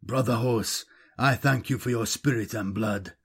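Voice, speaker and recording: An old tribal war commander, proud and defiant, as a male narrator voices him. He speaks gravely and firmly, rising to shouts in battle. A storybook reading. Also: medium pitch, unhurried. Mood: solemn.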